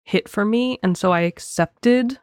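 A young woman co-hosting a casual film podcast, animated and laughing often as she talks in quick bursts. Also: mid-range voice, dry recording, studio quality. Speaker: podcast co-host.

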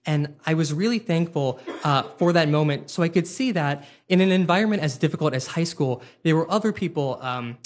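A young man telling a funny personal story live, self-deprecating and quick-witted, with plenty of ums and uhs. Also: fairly high pitch, lively intonation.

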